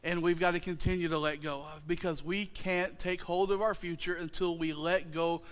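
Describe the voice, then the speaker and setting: A man preaching a sermon, joking about himself and then building to loud retellings of the story. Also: a little high, level tone, moderate pace, smooth. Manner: humorous, self-mocking, builds to shouted retellings. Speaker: pastor.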